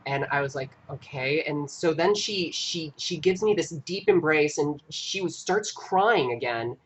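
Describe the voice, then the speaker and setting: A man hosting a live stream, earnestly recounting an experience in a halting, casual way with frequent restarts. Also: a little high, animated, fairly bright tone, slightly rough. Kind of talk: casual storytelling.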